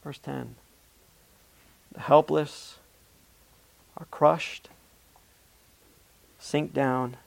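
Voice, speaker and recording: A man's voice: a little high, little pitch movement, very slow, creaky, pauses often. A man preaching a sermon, reading scripture aloud with earnest emphasis and often restarting his phrases. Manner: repeats words and restarts mid-phrase.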